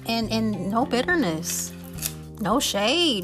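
A woman's voice: mid-range voice, moderate pace, a bit bright. Woman host, faith-based motivational monologue, earnest and heartfelt, natural middle voice, light music bed. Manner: earnest, keeps checking in with the listener. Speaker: podcast host.

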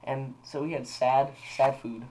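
A man's voice: medium pitch, fairly even intonation, measured pace, darkish tone, a little hiss or hum, low-quality recording. A young man co-hosting a podcast, telling a story in rambling casual chat with lots of fillers and restarts. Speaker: podcast co-host.

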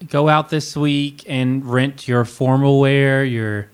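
Male podcast co-host, playful mock-fancy announcer, smooth clear voice. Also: medium pitch, fairly even intonation, takes it slowly. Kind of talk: casual comedic chat.

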